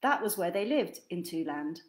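Her voice on the low side and her speed normal, a woman reads a picture book for children aloud in a sing-song, expressive storytelling manner.

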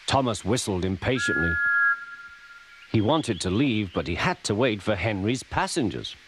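A man narrating a children's story in an animated, expressive reading. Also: lowish voice, moderate pace, background noise. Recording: loud music behind.

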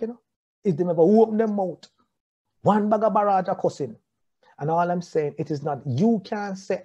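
Husky Jamaican man preaching. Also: fairly high pitch, dark tone. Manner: rhetorical questions, repeats phrases, chuckles often. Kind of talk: sermon on marriage.

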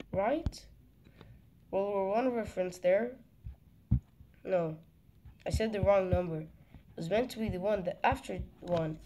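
A man from Turkey narrates a map animation in a relaxed, unhurried way. He rambles, jokes and corrects himself as he goes. Steady background noise and clicks run under the voice. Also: sits high. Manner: rambling, jokey, self-correcting. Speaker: mapping video narrator. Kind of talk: casual voice-over commentary on a map animation. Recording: noisy home recording with clicks.

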